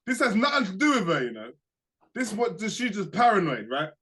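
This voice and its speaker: Young man, podcast co-host, slangy storyteller, bright voice. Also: high voice, a little fast, a little hiss or hum. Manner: animated, acts out quoted voices, slangy. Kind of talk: casual storytelling chat.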